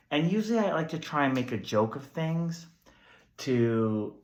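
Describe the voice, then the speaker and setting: A man's voice: on the high side, big pitch swings, a little slow. A young man, a stand-up comedian, telling candid, self-deprecating stories in a comedy sketch. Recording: roomy echo.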